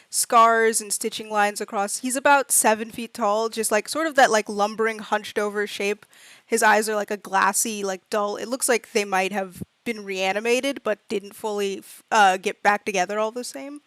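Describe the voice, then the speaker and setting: A woman's voice: medium pitch, fairly even intonation, moderate pace, fairly bright tone, dry recording. A woman playing a tabletop game online, describing her character in a rambling, filler-heavy, playful way. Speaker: player.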